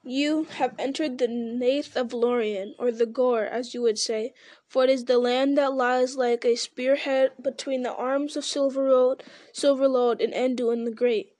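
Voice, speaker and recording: A woman's voice: high-pitched, fairly even intonation, darkish tone, no room sound. A woman reading aloud the lines of a stern, grave male elf guard. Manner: stern, measured.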